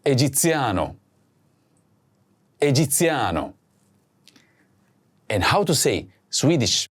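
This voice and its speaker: A man hosting a language lesson, speaking slowly and clearly and saying each word twice for practice. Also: mid-range voice, very animated. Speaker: language teacher host. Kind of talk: slow scripted lesson with repeat-after-me drills.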